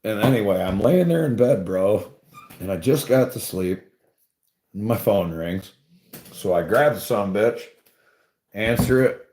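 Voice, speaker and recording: A man's voice: on the low side, expressive, unhurried, long pauses, dark tone, a little hiss or hum. A man telling a rambling, profane story in casual chat, laughing often and swearing freely. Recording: roomy echo.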